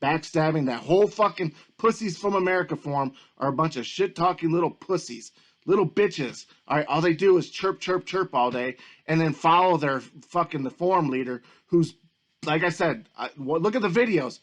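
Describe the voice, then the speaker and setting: A YouTube commentator rants angrily in a commentary video, swearing heavily and repeating himself as he gets worked up, profane and agitated throughout. His voice is on the high side, expressive, at a moderate pace.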